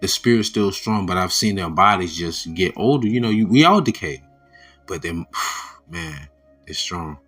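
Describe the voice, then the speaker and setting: A man with a fairly low voice talks through religious ideas in a relaxed, storytelling way. He jumps from loud, animated quoted voices to soft asides and laughs often. Faint music sits quietly behind him. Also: normal speed. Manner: laughs often between sentences. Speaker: religious video host. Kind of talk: casual spiritual talk.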